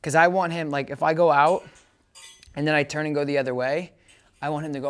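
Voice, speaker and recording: Woman dog trainer talking you through it, casual and chatty, keeps asking if it makes sense, quick cheery praise for the pup in between. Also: low-pitched. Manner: casual explainer, keeps checking "does that make sense?"; breaks into short upbeat praise commands to the dog. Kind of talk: hands-on training demonstration.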